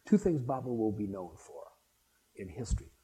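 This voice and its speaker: A man's voice: on the low side, very animated, moderate pace, dark tone, rough recording. An older man speaking to a spiritual gathering, rambling and anecdotal, with frequent restarts as he reminisces. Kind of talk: reminiscing talk to an audience.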